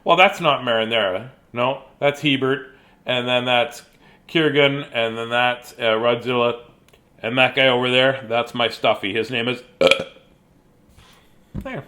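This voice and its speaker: A man's voice: medium pitch, steady tone, slow, sharp tone. A middle-aged man reading picture books aloud as a bedtime story, in a goofy, chatty way with sing-song noises and silly asides. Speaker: storybook reader.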